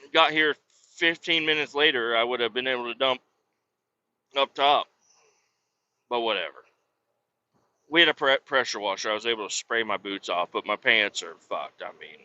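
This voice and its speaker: A man's voice: mid-range voice, pushed and bright. A man hosting a podcast, telling a work story in casual, exasperated, profane rants. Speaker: podcast host. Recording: dull lo-fi podcast audio.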